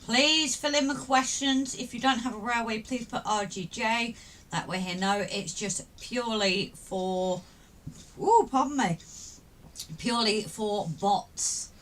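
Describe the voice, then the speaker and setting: A woman's voice: a little high, unhurried, a bit bright. A woman co-hosting a casual live stream, teasing her co-host playfully with mock jealousy. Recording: distant mic with faint background noise.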